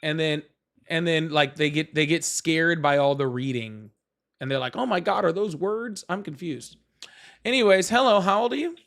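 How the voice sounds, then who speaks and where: A man's voice: fairly high pitch, lively intonation, normal speed, fairly bright tone. A man hosting a live political chat stream, talking in a sarcastic, mocking, rambling way. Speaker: livestream host.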